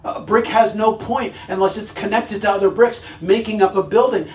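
A man preaching a sermon with a high voice, driving his points home through repetition and questions to the listeners. His voice carries the roomy sound of a church sanctuary, picked up from a distance. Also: fairly even intonation, moderate pace. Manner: emphatic, repeats phrases for stress, asks the congregation questions. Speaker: pastor.

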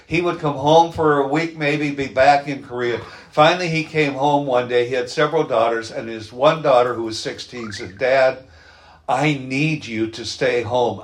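Earnest male preacher telling stories. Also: medium pitch. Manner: earnest storytelling, slows down for emphasis. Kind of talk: sermon.

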